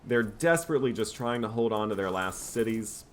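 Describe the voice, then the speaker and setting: Low-voiced man commentating a strategy game. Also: brisk, slight background noise. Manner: relaxed, wry, self-mocking. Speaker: gameplay commentator. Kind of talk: casual let's-play commentary.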